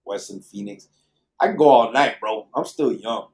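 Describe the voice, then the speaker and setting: A man's voice: mid-range voice, normal speed, a little mellow. A middle-aged man hosting a live late-night podcast, reading viewer comments in a laid-back, profane, joking way. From Arizona. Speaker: podcast host.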